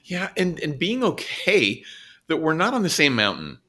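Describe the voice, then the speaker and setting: A man's voice: on the high side, huge pitch swings, normal speed, sharp tone. A man co-hosting a podcast, reflecting earnestly in casual conversation and sharing his own experiences. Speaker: podcast co-host.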